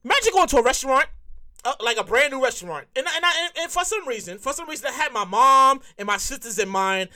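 Woman podcast comic, high bright voice, lively and profane, repeats herself. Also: quick pace. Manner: profane, animated storytelling with repeated phrases. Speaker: comedian host. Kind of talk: stand-up style podcast monologue.

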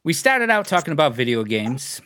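A man's voice: a little high, sing-song, brisk, bright, forceful tone. A man co-hosting a podcast stream from his home over an online voice call. He chats casually and pokes fun at himself. He stumbles over words now and then. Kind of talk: casual chat.

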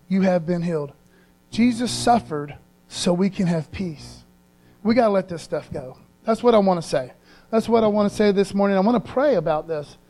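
A pastor with a high, slightly mellow voice delivers a sermon in a casual yet earnest style. He leans on slang and repeats phrases to drive his points home.

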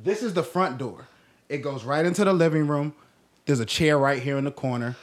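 A young man co-hosting a casual podcast, rambling through a profane story in animated chat. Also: a little high, a little fast. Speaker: podcast co-host.

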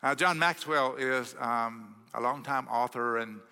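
A man's voice: mid-range voice, measured pace, gravelly, bright, forceful tone, clean tone. A man with a Texan accent, a pastor preaching a sermon, telling a story animatedly and acting out the quoted voices. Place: church sanctuary. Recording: long reverb of a church hall.

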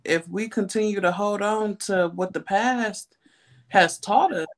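A woman on a casual panel, speaking calmly and in a preacherly way. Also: medium pitch, a little slow.

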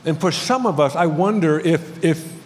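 A man's voice: on the high side, moderate pace. A male pastor preaching a sermon, telling a story with light humor. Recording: long reverb of a large hall.

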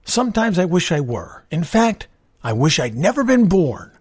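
A man's voice: medium pitch, sing-song, moderate pace, husky, dry recording, clean studio sound, voice pushed up. A man voicing a young, despairing male bank clerk who speaks sullenly and bitterly. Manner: sullen, resentful outbursts.

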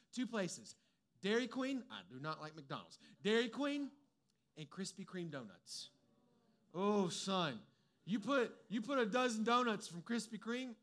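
High-voiced young man preaching with humor. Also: fairly bright tone. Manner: humorous, conversational, storytelling preaching. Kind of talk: sermon.

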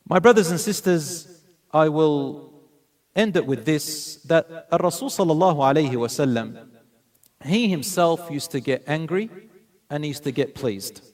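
A man preaching to his listeners, his voice sitting a little higher than most men's. He tells his stories earnestly and with animation, and he mixes Arabic phrases into his English. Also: a little slow, darkish tone. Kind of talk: sermon.

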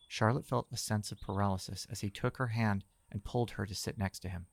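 A man reading scripted horror narration in a measured, tense storytelling manner. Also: fairly low pitch, steady tone, gravelly, dry recording.

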